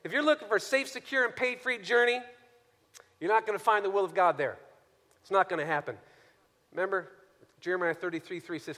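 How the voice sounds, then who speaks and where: High, bright-voiced preaching man. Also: a little fast. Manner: swings from soft and low to shouted exhortation. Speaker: pastor. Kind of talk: sermon. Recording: long hall reverb.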